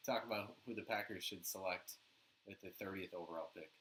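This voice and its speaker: A man co-hosting a sports podcast in casual chat, relaxed and steady as he leads each segment. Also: deep voice, brisk, very noisy. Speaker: podcast co-host.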